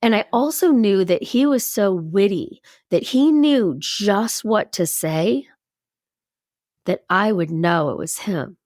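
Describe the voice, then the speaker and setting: A woman in her fifties, a podcast guest, telling a personal story in an animated way and acting out what people said. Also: medium pitch, slow pace, no room sound, clean studio sound. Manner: animated storyteller who acts out quoted speech.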